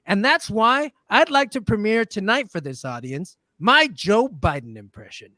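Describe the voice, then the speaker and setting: A man performing a comedy sketch as an indignant, self-important character who speaks in deadpan. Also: high-pitched, normal speed, dry recording.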